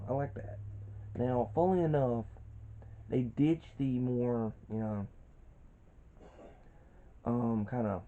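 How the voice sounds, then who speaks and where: A man in his twenties giving a rambling, casual review of a cartoon, with frequent restarts and fillers, on a dull lo-fi recording. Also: medium pitch.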